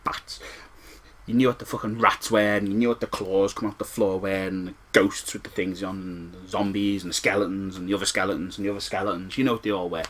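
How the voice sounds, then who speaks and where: A man's voice: low voice, level tone, quick pace, few pauses, fairly bright tone. A man with a Scouse accent, ranting and rambling through a retro game review, swearing freely and repeating himself. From Liverpool, England.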